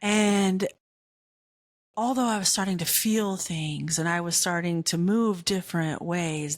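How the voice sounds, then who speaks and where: A middle-aged woman shares a personal story on her podcast, taking her time with each phrase. She talks in a relaxed, unhurried way but leaps high in pitch when she quotes her own excitement. The recording is dry and close, with little room sound. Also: dry recording. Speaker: podcast host. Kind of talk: casual storytelling.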